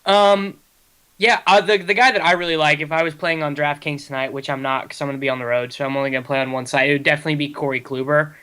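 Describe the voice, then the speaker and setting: A man co-hosting a fantasy baseball show, talking quickly and analytically in casual chat. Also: a little high, fairly even intonation, bright, forceful tone, clean tone. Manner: quick, analytical, self-deprecating.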